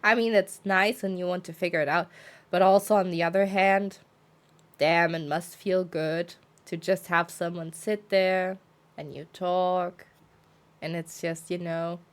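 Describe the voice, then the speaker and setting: A young woman streaming, chatting casually in a relaxed way and laughing easily. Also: on the low side, unhurried. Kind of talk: casual chat.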